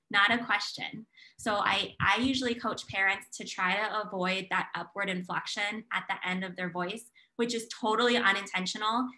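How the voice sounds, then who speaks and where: A woman presenting a parenting webinar over a video call, slowing down to model example phrases for parents. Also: medium pitch, poor audio. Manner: warm coaching tone, models example phrases slowly. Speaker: child psychologist presenter.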